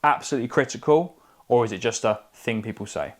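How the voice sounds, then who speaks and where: A fast-talking estate agent with a mid-range voice shares an anecdote while co-hosting a podcast from his living room. The chat is casual, and his storytelling is clipped and chatty, with subjects routinely dropped.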